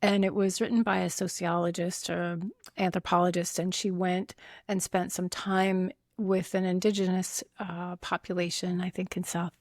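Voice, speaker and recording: A woman's voice: lowish voice, flat delivery, normal speed, darkish tone, no room sound, clean studio sound. A woman pediatrician, a guest on a podcast, explaining earnestly with everyday analogies. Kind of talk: conversational interview.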